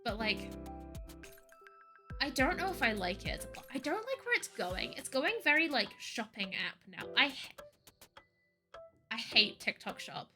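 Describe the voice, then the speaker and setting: Streaming from home, a woman rambles and rants in casual chat, saying "like" constantly. Her high-leaning voice is very animated, bright and forceful, yet measured in pace with long pauses. Soft background music plays.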